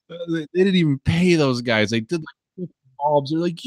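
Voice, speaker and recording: A man's voice: fairly high pitch, animated, a little fast, no echo, clean studio sound. A man hosting a podcast, telling a story in casual, swearing chat and laughing often. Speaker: podcast host.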